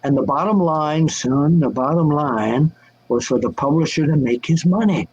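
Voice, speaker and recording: Older man with a husky voice. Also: on the high side, moderate pace, lo-fi sound. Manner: animated, acts out quoted voices. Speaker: guest answering fan questions. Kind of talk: casual storytelling chat.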